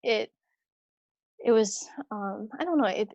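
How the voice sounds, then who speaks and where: A religious sister telling a personal story in a conversation, animated and chatty, acting out what others said. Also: female voice, fairly high pitch, slow, gravelly, dry recording. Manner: animated, acts out quoted voices; chatty, many fillers and restarts.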